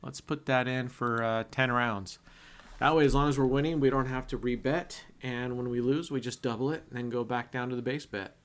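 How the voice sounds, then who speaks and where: A man's voice: mid-range voice, fairly even intonation, fairly quick. A man chatting casually on a live stream, laughing often and telling jokes between roulette spins. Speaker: casino streamer.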